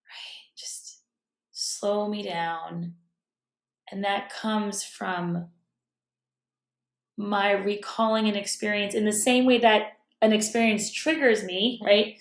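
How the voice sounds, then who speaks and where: Reflective woman with a gravelly, echoey voice. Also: medium pitch, fairly even intonation, takes it slowly. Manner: thoughtful, self-correcting, drops to a whisper at times. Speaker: self-help speaker. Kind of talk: casual reflective talk. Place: room at home.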